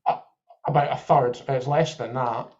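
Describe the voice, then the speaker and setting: A man's voice: mid-range voice, fairly even intonation, normal speed, a little mellow, lo-fi sound. A man co-hosting a podcast, chatting about football and thinking aloud with examples. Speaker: podcast co-host. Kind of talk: live football watchalong chat.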